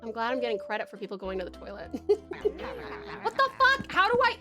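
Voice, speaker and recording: A woman's voice: a little high, wildly swooping pitch, brisk, music in the background. An Australian woman from Tasmania streaming a game, frantic, swearing a lot and laughing often. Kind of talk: casual gameplay commentary.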